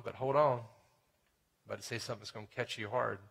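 A man preaching a sermon in a conversational way, often asking "right?" and dropping to a hushed tone for serious points. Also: mid-range voice, fast talker, vocal fry, husky. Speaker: pastor.

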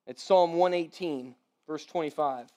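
Speaking in a mellow but noticeably high voice, this male pastor preaches a relaxed, conversational sermon. He doubles back on words as he thinks, lets out light laughs between points, and often checks in with "right?".

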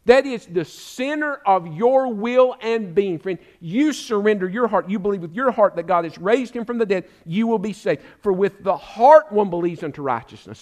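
Emphatic older pastor preaching. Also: male voice, sits high, expressive, a little fast, hardly any pauses, a little mellow. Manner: emphatic, exhorting, repeats "friend, listen". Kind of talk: sermon.

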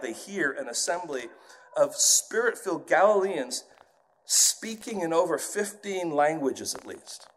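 Male preacher raised in England, higher-pitched voice, lively sermon delivery with playful put-on accents. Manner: animated, puts on accents to illustrate points.

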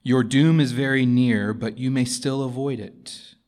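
A man voicing a wise, stern lion who speaks quietly and gravely. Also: mid-range voice, fairly even intonation, a little slow, lightly acted.

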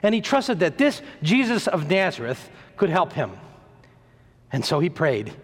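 High, animated preacher in a reverberant hall. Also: male voice, a little slow. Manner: animated, acts out quoted voices, stumbles and repeats words. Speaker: pastor. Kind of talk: sermon storytelling.

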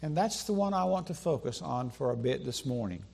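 A man preaching a sermon in a church sanctuary, emphatic, with slow deliberate pauses and repetition for stress. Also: medium pitch, expressive, creaky, a little mellow. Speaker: pastor.

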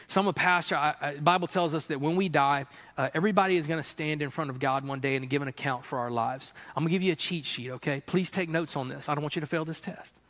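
A man preaching a sermon as pastor to a gathered room, telling stories with laughs and playful asides. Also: fairly high pitch. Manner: animated storytelling with laughs and asides. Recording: long reverb of a large hall.

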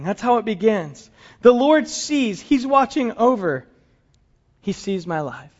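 A man's voice: sits high, very animated, slow, long pauses, a little mellow. A man preaching a conversational sermon to his congregation, with light humor. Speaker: pastor. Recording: dull lo-fi sound.

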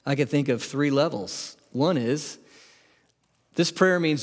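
A man's voice: on the high side, normal speed, long reverb tail. A man preaching a sermon to his congregation, conversational and full of questions to the room. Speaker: pastor. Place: church sanctuary.

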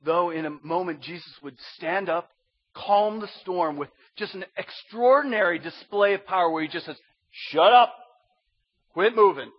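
A man preaching a sermon as a pastor, dropping to a hush and rising to loud pleading. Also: high-pitched, moderate pace, no room sound, dull audio. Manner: swings from hushed to loud pleading.

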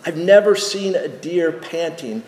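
A man, a pastor, preaching a sermon slowly and deliberately, with rhetorical questions and small restarts. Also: on the high side, lively intonation, a little mellow. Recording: echoey church hall with long reverb.

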